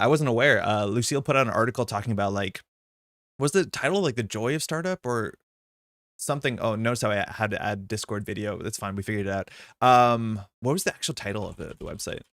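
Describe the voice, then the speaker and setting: A man's voice: lowish voice, fast talker, a bit bright, no echo, studio quality. A man hosting a live card-game stream, chatting casually and greeting viewers in chat. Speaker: streamer host.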